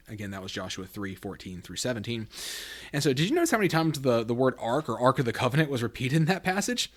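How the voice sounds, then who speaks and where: A man's voice: mid-range voice, very animated, quick pace. A man hosting a podcast, teaching through Bible passages in a conversational way, thinking aloud with fillers and restarts.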